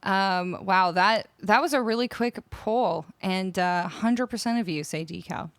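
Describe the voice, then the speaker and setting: A woman's voice: medium pitch, a little slow, dry recording. A woman from Canada, streaming and chatting casually with her live viewers, laughing often as she muses over how words are said. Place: home streaming room. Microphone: studio microphone up close.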